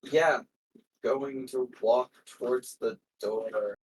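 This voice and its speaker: A man playing a tabletop role-playing game, talking hesitantly with many pauses and fillers. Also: mid-range voice, steady tone, rough recording. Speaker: player. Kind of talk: tabletop game play, casual.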